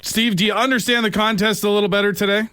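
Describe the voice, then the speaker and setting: A man co-hosting a morning radio show, joking and firing off quick quips. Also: high-pitched, steady tone, sharp tone, clean tone, no room sound. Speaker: radio co-host. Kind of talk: casual morning radio banter.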